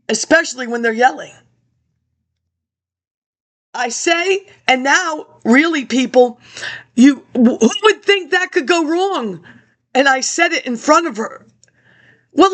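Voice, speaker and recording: Woman in her 50s, high voice, vlogger talking to camera, tangential and chatty. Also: a bit bright. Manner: rambling, jumps between tangents, addresses viewers directly. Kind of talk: rambling personal monologue.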